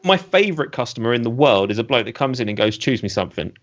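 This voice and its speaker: A man, co-hosting a casual podcast chat and telling lively stories from his work in a vape shop. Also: mid-range voice, quick pace. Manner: animated storyteller who acts out customers. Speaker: co-host and vape shop worker. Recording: dull lo-fi audio.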